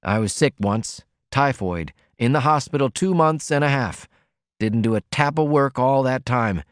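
A man voicing a worn-out, blustering male laundryman who talks in a rough, folksy drawl. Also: mid-range voice, a little slow, dry recording, clean studio sound, pitched above the performer's own voice, lightly acted. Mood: weary.

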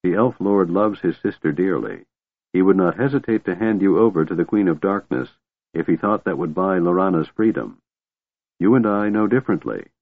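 A man voicing a resolute half-elf leader who speaks calmly and coldly, in a tinny audiobook recording. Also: on the low side. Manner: calm and cold.

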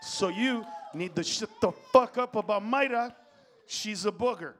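A stand-up comedian who swears constantly and swings between loud outbursts and low muttered asides. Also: male voice, a little slow, slight background noise. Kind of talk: stand-up routine.

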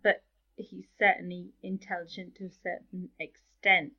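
A woman's voice: lowish voice, level tone, moderate pace. A woman chatting casually as a podcast panelist, keen and agreeing often. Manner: enthusiastic, agrees a lot. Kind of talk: casual chat. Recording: dull lo-fi recording.

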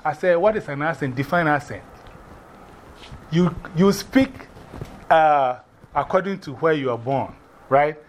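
A man with an African accent teaching a class, animated and often putting questions to the students. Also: fairly high pitch, a little slow, long pauses, slight background noise.

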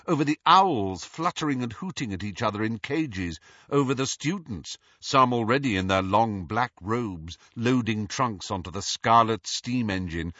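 A man narrates an audiobook with a lively, expressive delivery. His low voice is husky but bright. The recording is dry and slightly dull. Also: no room sound. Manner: expressive, animated reading.

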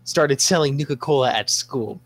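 A man's voice: medium pitch, normal speed, no room sound. Young male podcast host, laid-back, swears casually. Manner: laid-back, profane banter. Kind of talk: casual chat.

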